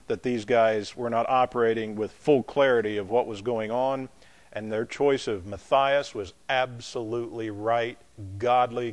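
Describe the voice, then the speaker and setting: Man casually teaching a Bible class. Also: fairly low pitch. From not from the American South. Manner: conversational, with restarts and asides to the class.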